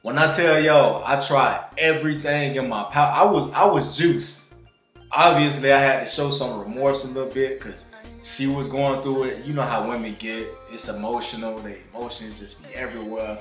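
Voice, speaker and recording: A man's voice: mid-range voice, steady tone, normal speed, a bit bright. A man in his twenties telling a personal story to viewers in laid-back, slangy talk. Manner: laid-back slang, calls listeners bro. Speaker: vlogger. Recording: roomy echo with faint music.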